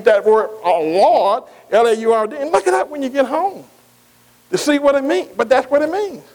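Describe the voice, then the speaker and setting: A man preaching a sermon in plain vernacular, quizzing the congregation with "am I right?" and repeating his words. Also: very high voice. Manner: call-and-response questioning, repeating words; informal vernacular grammar. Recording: long hall reverb.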